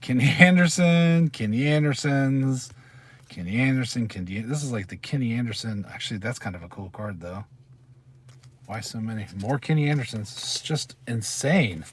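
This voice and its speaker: A man's voice: lowish voice, a little fast, slightly rough. Chatty man rambling in a parked car. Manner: chatty, rambling, reads out names while sorting cards. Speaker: channel host. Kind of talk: casual live-stream chat.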